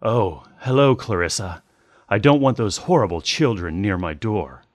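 A spiteful old witch snaps and grumbles in a hoarse, deep voice, as a man puts her on. She is hunched and crabby, muttering about the neighbourhood children. The storybook reading sounds dry and close. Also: expressive, normal speed, no room sound, lightly acted. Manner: grumbling, snappish.

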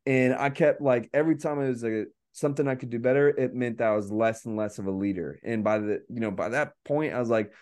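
Speaking fast with hardly a pause, this man has a medium-pitched voice with a darkish tone. He's chatting casually on a podcast, rambling, laughing a lot, and saying "like" constantly.

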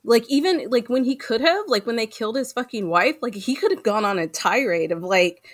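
A woman's voice: fairly high pitch, expressive, fairly quick, no room sound. Woman, podcast co-host, casual chat, chatty with lots of fillers, dry close sound. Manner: chatty, fillers of "like", laughs often.

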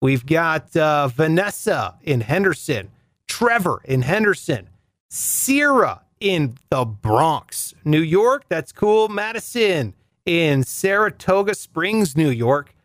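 A male podcast host with a naturally high voice, talking in a loose, chatty way as he thanks listeners. His pitch swings up and down a lot. The recording is close and dry, with no room sound. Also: very animated, slow pace, dry recording. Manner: chatty, reading listener shout-outs. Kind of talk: casual podcast outro.

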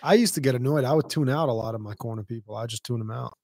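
A man hosting a podcast in casual, profane chat about fighting, animated and mocking as he retells stories. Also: medium pitch, rapid-fire, no room sound, studio quality. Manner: profane, animated, mocks others' shouting. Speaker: podcast host; former fighter.

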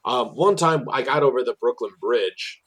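A man, working as a tour guide, telling animated stories in casual chat with many fillers and restarts. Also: moderate pace, breathy edge, poor audio. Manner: animated storyteller, many fillers and restarts, drops low for asides.

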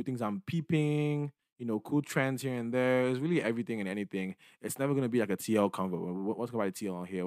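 Laid-back young podcast host, lowish voice. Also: male voice, no echo, studio quality. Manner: loose, slangy, rambling, keeps asking "you get me". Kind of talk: casual solo podcast monologue.

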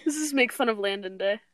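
A woman chatting crudely on a podcast, giggling and breaking into loud outbursts. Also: fairly high pitch. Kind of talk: giggly casual chat. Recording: noisy mic with clicks.

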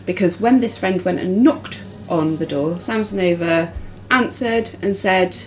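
A woman with a lowish voice hosts a casual podcast. She reads case details aloud, then drifts into loose chat with her co-host, with faint noise behind her. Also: unhurried, rough recording. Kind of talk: casual true-crime chat.

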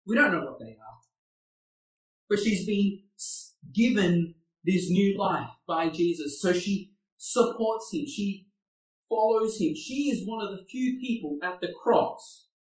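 Man, preacher, high voice, earnest sermon, echoey room, distant mic. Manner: earnest, with rhetorical questions.

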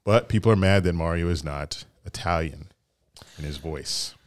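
A man with a lowish voice chats casually as a podcast co-host. He talks with lively energy and laughs his way through silly impressions. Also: normal speed, no room sound, studio quality. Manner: animated, breaks into laughing impressions. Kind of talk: casual chat.

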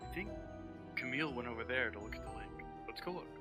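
A man's voice: medium pitch, animated, quick pace, over music, lightly acted. A man voicing a sly shapeshifting impostor in a tabletop game, speaking in a casual, friendly, coaxing way.

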